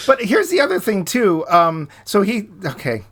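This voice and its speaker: A man in his fifties with a slightly high voice, hosting a casual podcast chat. He talks in a chatty, joking way. He laughs often as he goes. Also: wildly swooping pitch, normal speed, a bit bright, husky. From United States. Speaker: podcast host.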